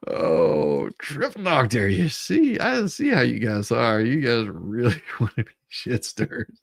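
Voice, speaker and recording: A man hosts a casual livestream in a slow, low, gravelly voice, greeting viewers and chuckling as he talks. His tone is husky, and he often repeats words as he restarts. The sound is dry and close. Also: huge pitch swings, dry recording. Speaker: livestream host reading chat.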